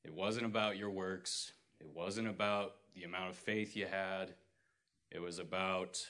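A man's voice: low-pitched, steady tone, unhurried, pushed and bright. A man speaking earnestly in a casual church group discussion about faith and truth. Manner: earnest, retells scripture with acted quotes.

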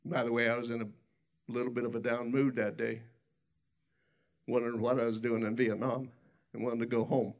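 Gravelly-voiced man preaching a sermon. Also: medium pitch, flat delivery, moderate pace, pauses often. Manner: rambling storytelling with many restarts.

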